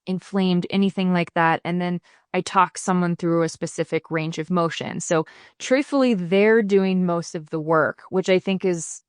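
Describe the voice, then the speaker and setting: A woman with a lowish voice talks as a podcast guest, explaining body therapy in a casual, earnest way. She livens up when she acts out what her clients said. Her voice sits close and dry on the mic, with no room sound. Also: moderate pace, clean tone, no echo. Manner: earnest, explanatory, animated when quoting people. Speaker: podcast guest, fascia release practitioner. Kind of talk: casual interview talk.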